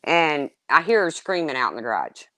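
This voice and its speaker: A woman telling casual stories, swearing freely and swinging between loud exclaims and low asides. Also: sing-song, brisk, dry recording. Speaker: storyteller. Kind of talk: casual chat.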